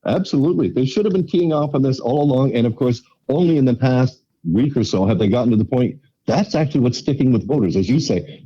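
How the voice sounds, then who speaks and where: A man commenting on politics on a panel, emphatic and quick, on a dull lo-fi remote line. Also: medium pitch, dark tone. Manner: emphatic, rapid, mimics politicians.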